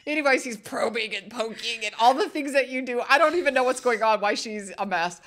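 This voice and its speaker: A woman co-hosting a podcast, telling a story in a casual, animated way with lots of laughter. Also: fairly high pitch, a little fast. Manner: animated, laughing, acts out quotes. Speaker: podcast co-host.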